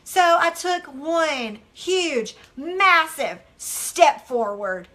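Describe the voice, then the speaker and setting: Bright, high-voiced woman giving devotional teaching. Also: extremely slow. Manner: animated, candid storytelling that acts out its own quotes. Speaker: devotional author and speaker.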